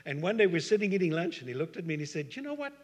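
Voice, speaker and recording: Man, South African accent, middle-aged pastor, husky voice, preaching in a long-echo hall. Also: a little high, very fast, highs cut off. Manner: conversational preaching with asides and rhetorical questions. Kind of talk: sermon.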